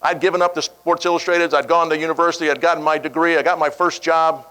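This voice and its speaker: Man telling a lively anecdote on stage. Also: fairly high pitch, fast talker, clear, resonant tone, rough recording. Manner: animated storyteller, acting out quoted voices. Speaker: keynote speaker. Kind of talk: storytelling speech.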